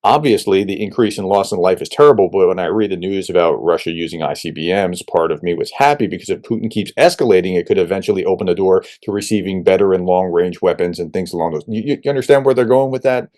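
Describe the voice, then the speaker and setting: A man's voice: sits low, fast, few pauses, a little mellow. A man hosting a conversational interview, informal and emphatic, asking long rambling questions. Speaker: host.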